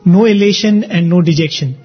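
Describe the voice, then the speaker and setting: A man, explaining ideas in a measured way in a discussion. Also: high voice, husky, muffled recording, soft background music. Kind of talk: reflective discussion.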